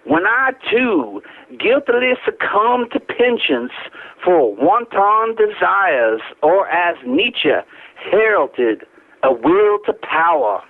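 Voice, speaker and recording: Caller, male, Southern drawl, slow grand recital, tinny phone sound. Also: sits high. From Kentucky. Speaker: caller reading a poem. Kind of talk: dramatic poetry reading, then casual chat.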